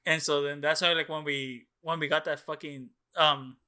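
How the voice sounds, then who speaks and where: Bright, rambling young man telling a story. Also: a little high, steady tone, normal speed. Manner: rambling, profane, many "like"s and "dude"s. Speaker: podcast co-host. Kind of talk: casual storytelling chat.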